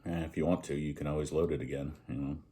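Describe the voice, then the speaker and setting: Smoking as he reviews a pipe, a man with an extremely low voice talks fast in a casual vlog style. He's relaxed and rambling, cracking jokes at his own expense.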